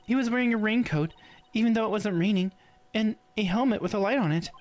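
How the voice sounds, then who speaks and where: A woman voicing a polite, soft-spoken young woman who is an artist. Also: mid-range voice, quick pace, close to an everyday voice.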